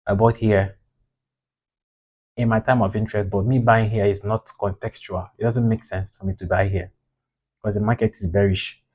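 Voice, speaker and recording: Frustrated, husky-voiced male trader. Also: on the low side, a little mellow. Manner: frustrated, rambling, scolding himself. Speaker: day trader reviewing his trades. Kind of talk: casual self-critical trade review.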